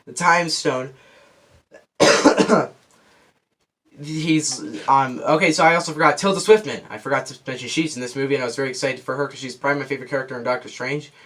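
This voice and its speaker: A man's voice: medium pitch, steady tone, fairly quick, pauses often, a bit bright. A man giving a casual spoiler review of a movie, out of breath, rambling and losing track as he restarts his sentences. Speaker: film reviewer.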